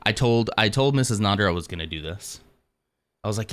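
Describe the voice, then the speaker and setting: A man's voice: fairly low pitch, very animated, a little fast, fairly bright tone. Winded casual man streaming live. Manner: chatty, self-mocking, greets viewers by name. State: out of breath. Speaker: livestream host.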